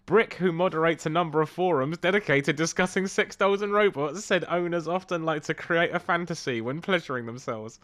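A man's voice: a little high, fairly quick, hardly any pauses, fairly bright tone. A young man co-hosting a podcast, reading out strange news stories, stumbling over words and breaking into laughter. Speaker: podcast co-host.

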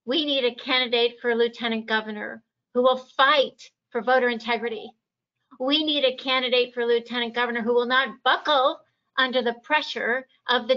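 Fired-up woman candidate, bright forceful voice, kinda dull lo-fi audio. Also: on the high side. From Virginia, USA. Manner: passionate, emphatic stump speaking. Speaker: political candidate. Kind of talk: campaign forum speech.

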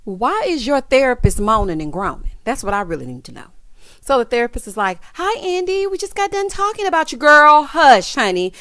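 Her voice is high-pitched and brisk with big swings in pitch and a fairly bright tone, captured as clean, echo-free studio sound. She's giving a sassy, casual rundown of a TV episode, addressing listeners as "honey" and "child" while acting out what the characters said.

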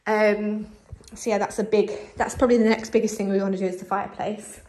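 A woman's voice: medium pitch, flat delivery, brisk, darkish tone. A young woman, chatty and slightly out of breath, giving a casual house tour as a vlogger, filmed on a handheld camera indoors. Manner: chatty, lots of fillers.

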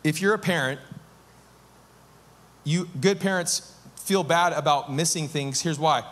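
A man in his thirties, a pastor giving a conversational, self-deprecating and animated sermon. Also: on the high side, a little slow.

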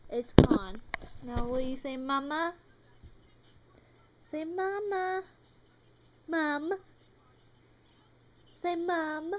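A young woman speaks to her infant in a high, sing-song baby-talk voice. She draws her words out slowly and coaxingly, in a lilting, gentle tone. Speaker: mother filming her baby.

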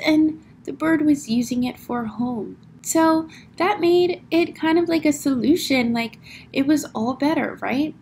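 A woman's voice: high-pitched, darkish tone. A woman teacher reading a picture book aloud to children, acting out the sound words and stopping to ask the class questions.

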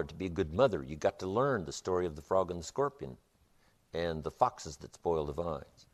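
A man giving a motivational speech, emphatic, with rhythmic repetition. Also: low-pitched. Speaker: motivational speaker.

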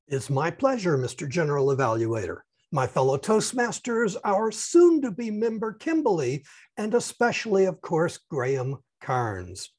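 A man's voice: fairly high pitch, sing-song, measured pace, darkish tone, slightly rough. A man giving a formal, courteous speech evaluation over a video call and lingering on key phrases.

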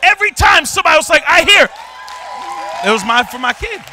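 A man pastor preaching a sermon, telling a personal story in an animated way, often shouting and laughing. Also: extremely high pitch, racing, a crowd in the background, background noise. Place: church.

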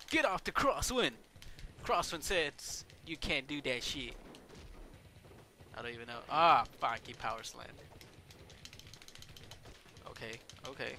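A man giving casual let's play commentary over a wrestling game, excitable and swearing, yelling at the game and shouting out moves. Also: fairly high pitch, measured pace, long pauses, a little hiss or hum. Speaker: gameplay commentator.

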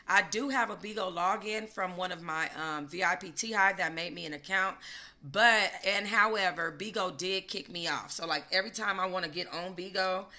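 Female livestream host, bright forceful voice, slangy and emphatic, casual commentary to a chat. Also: fairly low pitch, moderate pace.

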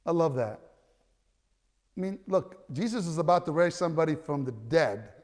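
A pastor with a high, light voice preaches a sermon in a reverberant church hall at a moderate pace. Lively and conversational, he makes asides, stammers through restarts, and rises to loud cries at the climaxes.

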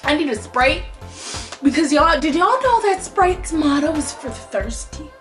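A high-pitched woman gushes and squeals through her reaction like a devoted fangirl. She talks in an echoey room, with music playing loudly behind her. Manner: gushing, squealing fangirl, talks fast when excited. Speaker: YouTube reactor. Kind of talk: excited reaction commentary. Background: music video playing.

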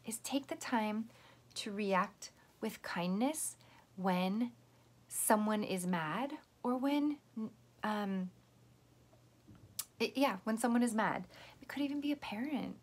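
A woman teacher giving a patient, gentle lesson to young children, explaining step by step. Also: fairly high pitch, lively intonation, takes it slowly, pauses often.

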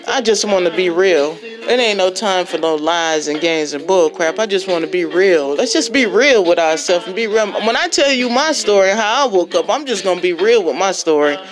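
A woman's voice: on the low side, moderate pace, hardly any pauses, music in the background. A woman giving an impassioned, exhorting testimony as a religious vlogger, repeating herself for emphasis. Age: adult with a child and parents. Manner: fervent, exhorting, repetitive.

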